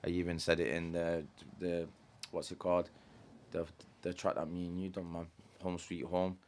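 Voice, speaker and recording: A man's voice: deep voice, monotone, normal speed, darkish tone, a little hiss or hum. A man, a rapper guest on a podcast, talking in a laid-back, slangy way and often checking in with "you know what I mean". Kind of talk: casual podcast interview.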